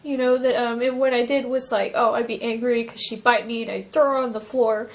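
A young woman from Alaska recounting a personal near-death experience, talking in an emotional, halting way with many fillers and restarts. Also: a little high, steady tone, poor audio. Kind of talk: personal testimony, casual storytelling.

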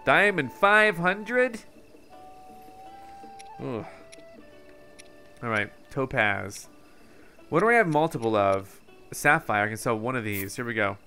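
Bright-voiced man musing over gameplay. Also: lowish voice, lively intonation, unhurried, long pauses, soft background music. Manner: musing to himself, casual, easily distracted. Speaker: gaming video host. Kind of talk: let's play commentary.

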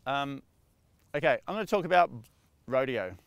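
Upbeat Australian man, smooth dry voice. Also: medium pitch, lively intonation, moderate pace, dry recording, highs cut off. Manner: upbeat, repetitive, coaching questions. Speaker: motivational vlogger, real estate agent. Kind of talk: casual motivational talk to camera. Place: outdoors by the beach.

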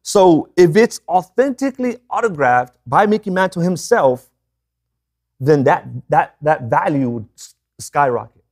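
Male pastor, fairly high voice, chatty sermon delivery that keeps checking in with the room. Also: expressive, measured pace, darkish tone. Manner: conversational, checks in with "right?".

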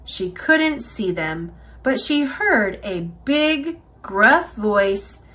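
A woman reading a children's picture book aloud, expressive and unhurried. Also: medium pitch. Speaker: storyteller.

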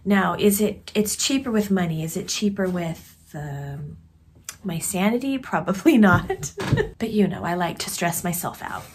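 A woman chatting casually in a craft vlog, laughing often and slipping into quick whispered asides. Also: lowish voice, lively intonation, slight background noise. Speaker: craft vlogger.

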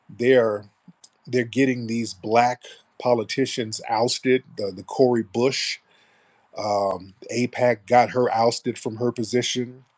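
A man's voice: medium pitch, darkish tone. A man hosting a casual live stream, talking bluntly and sarcastically about the news. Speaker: host.

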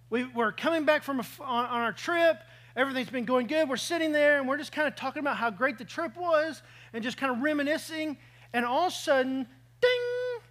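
A man's voice: very high voice, fairly bright tone. A man preaching a sermon as pastor, telling a personal story and acting out his own reactions along the way.

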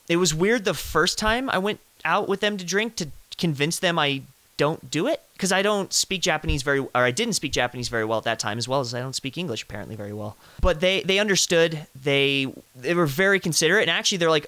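A young man in his twenties with a bright, crisp voice, hosting a relaxed chat. He speaks earnestly and at length, often dropping low and quiet at the ends of his thoughts, recorded dry and close. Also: fairly quick, no room sound. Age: 20s. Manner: earnest and talkative, trailing off low. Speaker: host, interviewer. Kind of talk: casual video call chat.

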